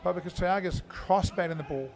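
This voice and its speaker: A man's voice: high voice, quick pace. A middle-aged man giving live indoor cricket commentary, chatty and full of fillers as he thinks aloud.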